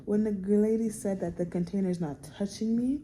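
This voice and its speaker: A woman's voice: mid-range voice, fairly even intonation, a little fast, dark tone, a little hiss or hum, poor audio. Indignant woman ranting a storytime. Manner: indignant, swears, acts out both sides of a dispute. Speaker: vlogger telling a birth story. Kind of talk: casual storytime rant.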